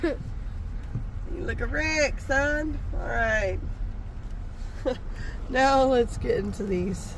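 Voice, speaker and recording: A woman's voice: sits high, expressive, very slow, pauses often, slight background noise. A woman outdoors, cooing at her animals in affectionate baby talk during a casual vlog. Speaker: vlogger. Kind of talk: casual chat with farm animals.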